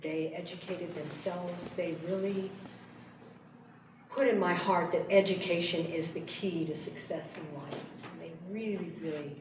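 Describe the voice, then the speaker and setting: A woman's voice: lowish voice, steady tone, measured pace. An older woman from Santa Fe giving an earnest candidate statement at a forum. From Santa Fe, New Mexico. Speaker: board candidate. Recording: echoey hall, distant mic, background noise.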